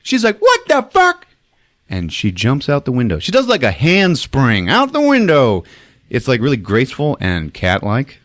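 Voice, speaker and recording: A male podcast host giving a comedic, profane movie recap as an animated, laughing storyteller. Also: medium pitch, moderate pace, no echo, studio quality.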